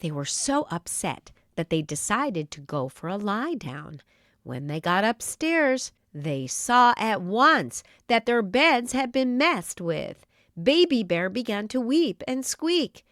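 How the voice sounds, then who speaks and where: A woman reads a children's story aloud with slow, deliberate pacing and a lively melody that rises and falls. Her voice is bright and clear. The recording is dry and close-miked. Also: medium pitch, no room sound. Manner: expressive, animated storytelling.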